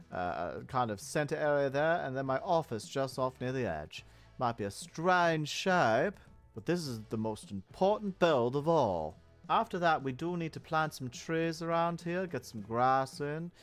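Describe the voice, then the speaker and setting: Man, game host in a mayor persona: pompous and showy, pitch bouncing all over. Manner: pompous, theatrical and self-admiring. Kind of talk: in-character game commentary.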